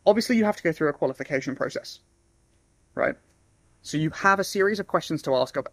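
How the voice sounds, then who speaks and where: A man's voice: fairly high pitch, fairly quick, dry recording. Casual man, dry close sound. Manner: casual, acts out phone calls in lively voices. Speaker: sales trainer. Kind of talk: casual talking-head advice.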